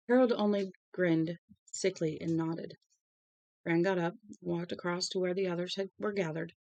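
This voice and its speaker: A woman's voice: lowish voice, steady tone, normal speed, darkish tone, dry recording. A woman reading a novel aloud as a storybook narrator. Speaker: audiobook reader.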